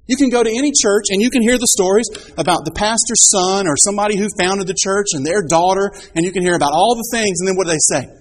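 A man's voice: sits high, fast, hardly any pauses, slight background noise. A man in his thirties preaching a sermon, telling stories with rhetorical questions and rising emphasis.

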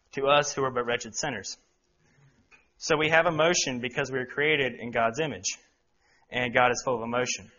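A man's voice: mid-range voice, pushed and bright. A young man giving an earnest sermon to a congregation, with frequent ums and restarts. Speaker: lay preacher. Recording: dull lo-fi recording.

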